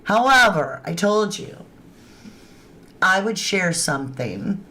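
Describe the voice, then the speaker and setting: A woman's voice: mid-range voice, sing-song, slow pace, pushed and bright. A woman hosting a true crime livestream, chatting informally and talking straight to her viewers. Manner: informal grammar. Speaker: true crime channel host. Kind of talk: casual livestream commentary.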